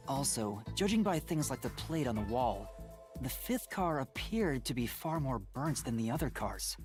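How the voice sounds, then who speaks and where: An earnest young detective, voiced by a man in a video game, weighing each clue with lively, rising and falling intonation. He speaks carefully over clear game music. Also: mid-range voice, lightly acted. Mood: thoughtful. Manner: careful, thoughtful, measured. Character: earnest young male detective reviewing clues.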